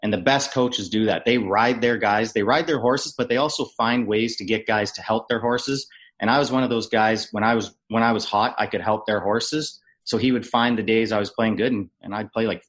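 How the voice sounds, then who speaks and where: Chatty former hockey player telling stories. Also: male voice, lowish voice, moderate pace. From Canada. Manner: animated storyteller, mimics yelling coaches, swears freely. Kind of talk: casual storytelling on a podcast.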